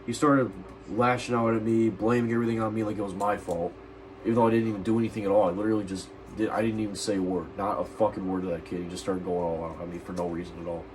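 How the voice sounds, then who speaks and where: A man's voice: on the low side, flat delivery, fast, a little mellow, a little hiss or hum, rough recording. A teenage guy on a stream, ranting angrily and swearing a lot, rambling and restarting his sentences. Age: teens. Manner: agitated and profane, rambling with restarts. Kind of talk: angry personal rant.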